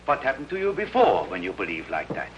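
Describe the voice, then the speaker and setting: An actor playing a teasing, skeptical grocer in an old film, sarcastic and joking. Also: male voice, lowish voice, huge pitch swings, fast, dull audio, a little hiss or hum. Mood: mocking. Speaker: shopkeeper. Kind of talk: 1950s film acting.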